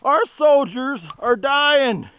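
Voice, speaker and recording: A middle-aged man with a high voice rants to a handheld camera outdoors on a park trail. He rambles and repeats himself, his anger rising into shouts. The sound is dry and close, with little echo. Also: animated, extremely slow, highs cut off. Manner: ranting, shouting, rambling and repetitive. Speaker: vlogger. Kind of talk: angry political rant to camera.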